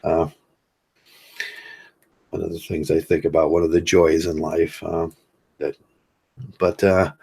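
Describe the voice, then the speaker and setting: An older man hosting a livestream, talking casually in a rambling, halting way with many fillers while he reads chat comments. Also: sits low, level tone, vocal fry, darkish tone, breathy edge. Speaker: livestream host.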